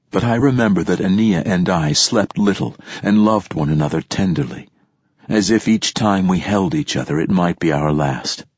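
A man with a very low, deeply husky voice reads first-person narration in a quiet, intimate manner. The recording is close and dry, with a muffled, dull sound. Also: no room sound. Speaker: audiobook narrator. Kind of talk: scripted narration.

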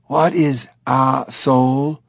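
A man voicing a gentle, childlike male chimpanzee who talks slowly and simply, with broken grammar. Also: medium pitch, flat delivery, no room sound, clean studio sound. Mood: curious.

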